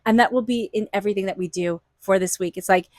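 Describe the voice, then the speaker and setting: A woman's voice: mid-range voice, fast, no echo. A woman giving a casual tarot reading to her viewers, gushing and talking loosely with lots of "you know" and "like.". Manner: gushing, lots of "you know" and "like", slips into playful voices for quotes. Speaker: tarot reader. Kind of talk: intuitive tarot reading vlog.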